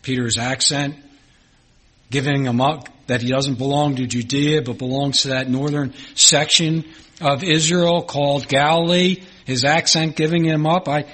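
Husky preacher with a Philadelphia accent. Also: male voice, a little high, fairly even intonation, unhurried, fairly bright tone, poor audio. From Philadelphia, United States. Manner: earnest, repeats phrases for emphasis. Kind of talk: sermon.

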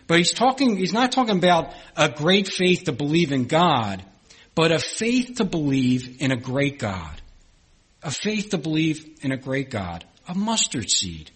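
A middle-aged man preaching a sermon as a pastor, earnest and repetitive, often swelling louder on key phrases and restarting his words. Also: a little high, sing-song, measured pace, slightly rough.

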